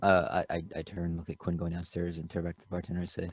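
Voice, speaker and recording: A man's voice: low voice, completely flat delivery, fast, hardly any pauses. A man playing a tabletop game, joking and hesitant as he talks in character. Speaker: player.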